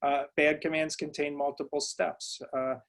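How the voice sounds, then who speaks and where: A man's voice: fairly high pitch, little pitch movement, moderate pace, fairly bright tone. A psychology professor giving a webinar lecture to educators, speaking conversationally with lots of uh and um fillers and telling stories from his own early work.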